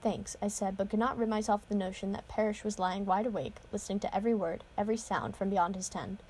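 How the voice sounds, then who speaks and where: Casual woman reader, mid-pitched, breaks off for offhand asides, informal novel read-aloud. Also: steady tone, quick pace, darkish tone, husky. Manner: casual asides, occasional cursing and restarts.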